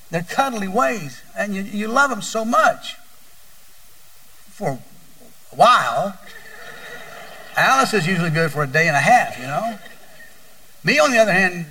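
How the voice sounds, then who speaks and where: A man's voice: on the high side, pushed and bright, distant mic, rough recording. An older man preaching a sermon as a pastor, telling folksy stories and often repeating his words.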